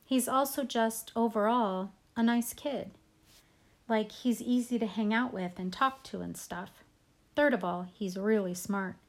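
A woman's voice: fairly high pitch, measured pace. Woman reading a first-person audiobook. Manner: casual, conversational storytelling. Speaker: audiobook reader.

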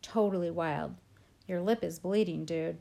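Woman doing a chill brave kid, says dude a lot, loud and calm, audiobook. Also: lowish voice, a little slow, gravelly. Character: brave calm boy, steady leader. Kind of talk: audiobook reading.

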